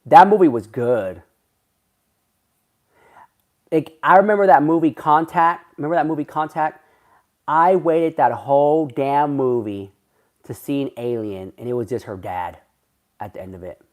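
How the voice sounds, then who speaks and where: Chatty gossipy man live-streaming. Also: on the high side. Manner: chatty and gossipy, drawn-out rambling asides. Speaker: livestreamer reading chat. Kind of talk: casual livestream chat.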